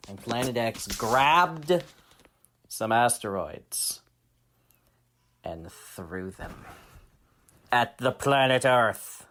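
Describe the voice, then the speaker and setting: With a mid-range, animated voice, this man runs a children's story podcast and makes up a tale as he goes, shouting sound effects and dropping into hushed, dramatic asides. He speaks very slowly and leaves long pauses.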